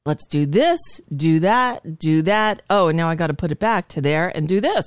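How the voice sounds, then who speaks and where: A woman hosting a talk show from her studio, rambling casually and tripping over fillers and restarts. Her voice sits a little low. The sound is close and dry, with no room around it. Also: expressive, moderate pace, clean tone, dry recording, faint music behind. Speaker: radio show host. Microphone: studio microphone.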